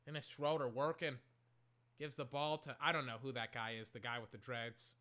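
A man from Oakland, California, casually calling a basketball game he is watching, rambling with lots of "like" and breaking into excited shouts. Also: fairly high pitch, fairly quick. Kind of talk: casual play-by-play while watching.

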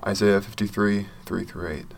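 A man with a fairly low voice gives a devotional talk. He reads scripture in a measured, earnest and reverent way. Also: fairly even intonation, gravelly. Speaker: church speaker.

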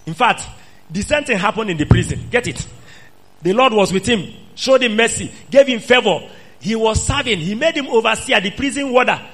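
A man's voice: high-pitched, lively intonation, normal speed, fairly bright tone, breathy edge. A man preaching an emphatic sermon, repeating phrases and questioning the congregation. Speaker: pastor.

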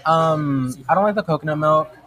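A man's voice: fairly high pitch, normal speed, a bit bright, a little hiss or hum. A man co-hosting a casual podcast chat, rambling and easily sidetracked, laughing often. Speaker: podcast co-host.

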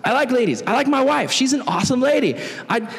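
A man's voice: very high-pitched, fast talker, in a large hall. A young adult man giving a casual, chatty storytelling sermon as a youth pastor, acting out quotes as he goes. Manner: chatty, animated, acts out quotes.

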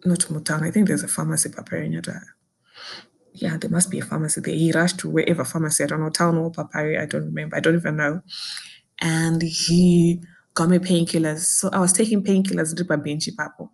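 A young Zimbabwean woman with a slightly low voice tells her own story in an intense, indignant way. She slips between English and Shona as she talks. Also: level tone, fast, creaky, a little mellow, breathy edge. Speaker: podcaster recounting a personal ordeal. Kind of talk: emotional personal storytelling.

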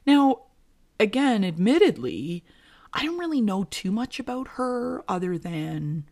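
Low-pitched lady podcast host, casual gossipy chat about the week. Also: darkish tone. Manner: chatty, gossipy storytelling.

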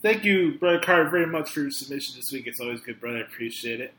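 A man hosting a podcast, ranting with profane exasperation that swings between low mutters and loud outbursts. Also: animated, very fast, reverberant, faint music behind, poor audio. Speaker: podcast host. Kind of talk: angry podcast rant.

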